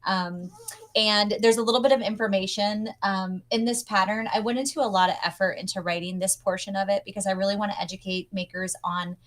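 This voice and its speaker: A woman's voice: mid-range voice, fairly even intonation, fairly quick, a bit bright. A young adult woman demonstrating a sewing pattern over a video call, upbeat and chatty as she teaches step by step. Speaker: pattern designer guest.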